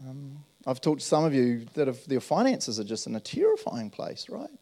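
A man gives a relaxed, conversational sermon in a gravelly voice at an average pitch. He tells stories earnestly and keeps turning to his listeners to ask if they follow. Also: moderate pace. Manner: earnest, storytelling, checks in with "right?". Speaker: pastor.

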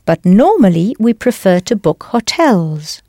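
A woman teaching a language lesson in a clear, patient, encouraging scripted voice. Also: mid-range voice, big pitch swings, measured pace, mellow, no room sound, studio quality.

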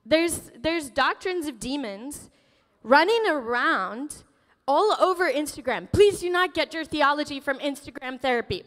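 A woman pastor preaching a sermon in a church, emotional and animated, laughing often as she tells stories. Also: high-pitched, unhurried, big-room sound. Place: church sanctuary.

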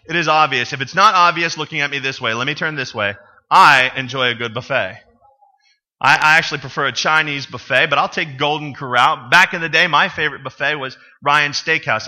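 A man's voice: fairly high pitch, sharp tone, lo-fi sound. A man preaching a sermon to his congregation, telling stories with humor and asking the people questions. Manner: conversational storytelling with humor, asks the congregation questions. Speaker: pastor. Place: church sanctuary.

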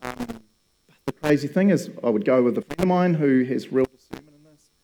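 A man in his fifties, a pastor giving a casual, story-driven sermon, chatty and quick to laugh. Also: on the high side, sing-song, vocal fry, dark tone, slight background noise, low-quality recording. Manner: casual and chatty, laughs often, says "right?" and "bro".

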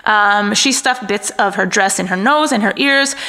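A woman's voice: mid-range voice, normal speed, bright, forceful tone. A woman co-hosting a podcast, casually recounting a true-crime story with wry asides and stumbles over names. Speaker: podcast co-host.

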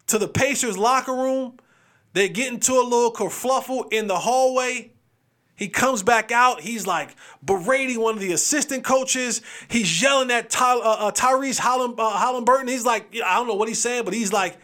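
A young adult man hosting a casual sports podcast, joking, animated and restarting his sentences often. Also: extremely high pitch. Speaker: podcast host.

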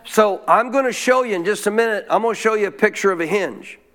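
A fast-talking pastor with a high-pitched, slightly bright voice delivers a church sermon. Between verses he reads, he poses questions and prompts the congregation to respond aloud, call-and-response style.

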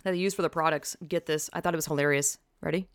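A woman's voice: low-pitched, fairly even intonation, fast talker, no room sound, studio quality. A woman talking in a loose, rambling monologue, frank and sarcastic, swearing freely and often trailing off mid-thought.

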